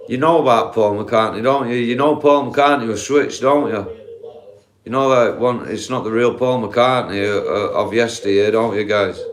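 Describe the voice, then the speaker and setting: A middle-aged man with a Yorkshire accent chatting live to viewers from a dark bedroom while lying down, talking in a blunt, sweary, earnest way. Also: medium pitch, roomy sound. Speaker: livestreamer. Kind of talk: casual live chat reading viewer comments.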